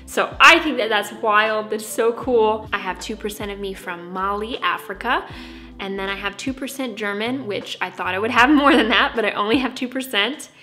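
A woman's voice: medium pitch, normal speed, sharp tone, faint music behind. A young American woman talking to camera in a casual vlog, bubbly and playfully dramatic. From United States. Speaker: vlogger.

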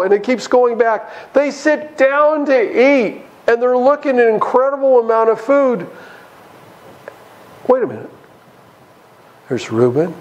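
A man's voice: extremely high pitch, poor audio. A man teaching a church Bible study, talking straight to his listeners and acting out the people in the story. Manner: animated, addresses listeners directly, acts out biblical characters.

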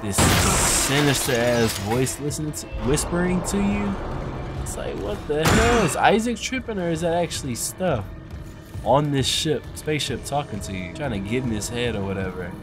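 A man's voice: medium pitch, normal speed. A man giving casual let's play commentary on a horror game, cursing and yelping whenever something startles him. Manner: excitable, yelps and curses when startled. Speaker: gaming streamer. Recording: loud music under the voice.

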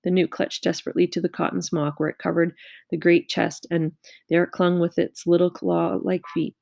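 A woman narrating a children's storybook in a measured, expressive reading. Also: fairly low pitch, vocal fry, dry recording, clean studio sound. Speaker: audiobook reader.

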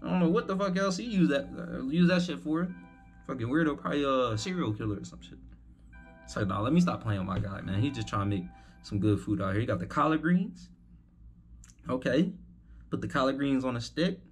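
Animated, profane young man reacting. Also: medium pitch, fairly quick, soft background music. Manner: profane, rambling, incredulous running commentary. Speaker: reaction video host. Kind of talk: casual reaction commentary.

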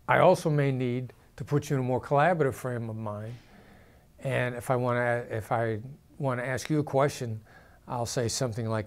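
A former negotiator, a man, explaining negotiation to camera in a measured way, sometimes lowering his voice to show a firm tone. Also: fairly even intonation. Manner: measured, drops pitch and volume to demonstrate firm downward inflection.

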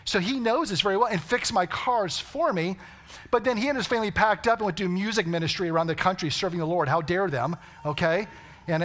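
A man's voice: high voice, fairly bright tone. A man preaching a sermon, telling stories and asking the congregation rhetorical questions. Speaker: pastor. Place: church sanctuary.

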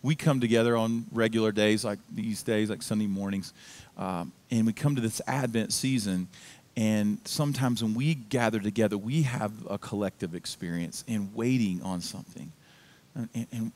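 A man's voice: fairly low pitch, a little mellow. A man preaching a sermon as pastor in a church, in a casual, conversational storytelling manner. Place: church sanctuary.

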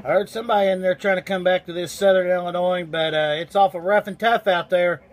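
Man, CB operator, high voice, folksy radio lingo, phone mic. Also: fairly even intonation, fast talker, noisy background. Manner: folksy, uses radio call-sign lingo. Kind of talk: CB radio chat. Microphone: iPhone.

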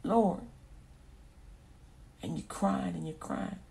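A woman giving an impassioned spoken testimony on the radio, swinging from hushed murmurs to loud emphatic bursts and repeating phrases fervently. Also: mid-range voice, moderate pace. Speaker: radio preacher.

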